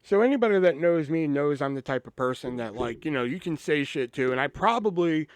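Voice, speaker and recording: A man's voice: fairly high pitch, animated, fairly quick, no room sound. A man hosting a podcast, telling a story in a casual, profane, rambling way with lots of "you know". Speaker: podcast host.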